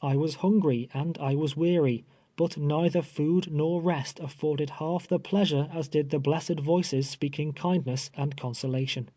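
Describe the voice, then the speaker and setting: A man reading an audiobook aloud in measured, grave first-person storytelling. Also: a little high, fairly even intonation, warm tone, no room sound. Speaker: audiobook narrator. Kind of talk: scripted first-person narration.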